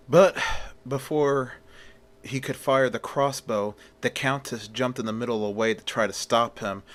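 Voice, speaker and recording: A man's voice: on the low side, fairly bright tone. A man casually retelling a film story as a storyteller, chatty and plain, opening many sentences with "well".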